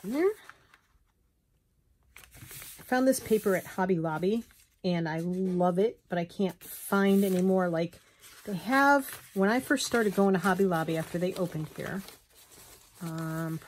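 A woman's voice: medium pitch, expressive, unhurried, a little hiss or hum. A woman chatting casually through a crafting vlog at home, rambling and poking fun at herself with frequent little laughs. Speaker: journaling crafter.

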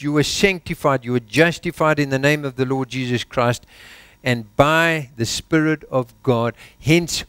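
A South African pastor preaching a sermon in church, exhorting with rhetorical questions and dropping his voice low for emphasis. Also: a bit bright, smooth, no echo.

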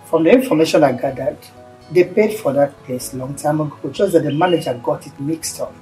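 An actress playing a strong-willed mother who is planning her son's wedding and is firm and quick to scold. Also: low-pitched, mellow, soft background music, close to an everyday voice. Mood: worried. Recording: echoey room, mic at a distance.

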